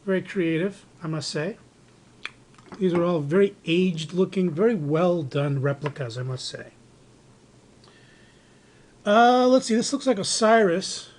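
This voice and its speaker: A man's voice: high-pitched, darkish tone, slight background noise. A man casually showing off collectibles on camera, rambling with many fillers and restarts, recorded indoors on a handheld camera. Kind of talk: casual show-and-tell narration. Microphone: handheld camera microphone.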